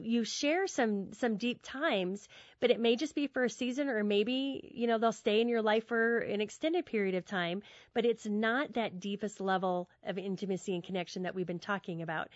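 A woman talking earnestly and warmly in a casual conversational teaching style, often repeating words as she thinks. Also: fairly high pitch, no echo. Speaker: guest speaker on friendship. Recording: dull dry podcast audio.

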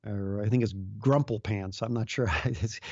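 A middle-aged man in casual conversation as a guest, talking in halting bursts with many restarts and fillers. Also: fairly low pitch, darkish tone, no echo. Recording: dull lo-fi dry sound.

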